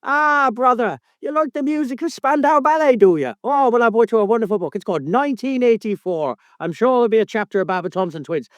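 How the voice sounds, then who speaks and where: A man mimicking a naive fellow with a put-on Irish accent, proudly describing his clueless presents in a high, sing-song lilt. The voice swoops up and down with mocking glee, close and dry. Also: animated, fast, hardly any pauses, no echo. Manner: exaggerated, sing-song mockery.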